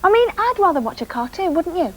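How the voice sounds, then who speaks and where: A high-voiced woman hosting a kids' show plays a bossy, excitable character in a sketch. Her voice bounces all over the place. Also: quick pace, a little hiss or hum. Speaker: children's TV presenter. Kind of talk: scripted comedy sketch.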